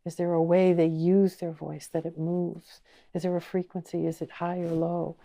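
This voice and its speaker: A woman teaching an online course, speaking slowly and gently and asking the listener many inviting questions. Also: on the low side, little pitch movement, vocal fry. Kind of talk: guided teaching talk.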